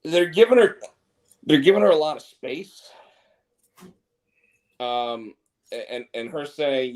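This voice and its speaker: A man's voice: on the high side, animated, slow, long pauses. A man co-hosting a casual wrestling chat show, rambling and opinionated with many restarts. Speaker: co-host.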